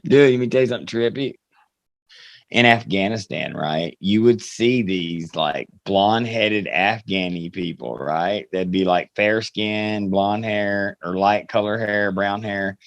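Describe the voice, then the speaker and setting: A man's voice: on the low side, measured pace, dry recording. A man co-hosting a casual talk show, blunt and profane, joking with his partner. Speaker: podcast co-host. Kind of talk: casual crude banter.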